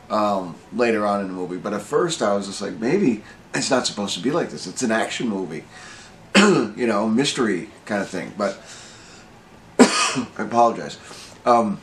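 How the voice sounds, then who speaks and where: Rambling man with a low, slightly hoarse voice. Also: slight background noise. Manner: rambling, self-joking, many fillers and restarts. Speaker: movie review vlogger. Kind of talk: casual movie review chat.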